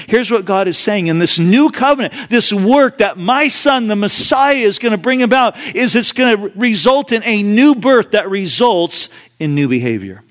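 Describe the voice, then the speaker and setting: Male preacher, high voice, casual storyteller with asides. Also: lively intonation, normal speed, a bit bright. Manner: conversational storytelling with frequent asides. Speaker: pastor. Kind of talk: sermon.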